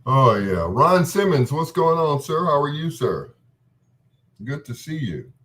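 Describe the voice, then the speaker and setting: A middle-aged man hosting a late-night love-song radio show, smooth and joking as he chats between songs. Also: fairly high pitch, big pitch swings, unhurried, fairly bright tone. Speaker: radio DJ and host.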